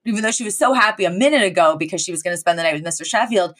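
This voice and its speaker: A woman with a lowish voice recaps a TV episode for her podcast. She talks chattily and loosely, piling on fillers as she goes. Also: expressive, rapid-fire, a bit bright. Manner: chatty, filler-heavy retelling with laughs. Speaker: podcast host.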